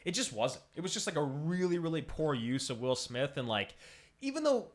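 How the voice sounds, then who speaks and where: A man co-hosting a casual movie podcast, animated and laughing often, jumping into high voices to mimic actors. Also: normal speed. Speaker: podcast co-host. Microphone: podcast mic.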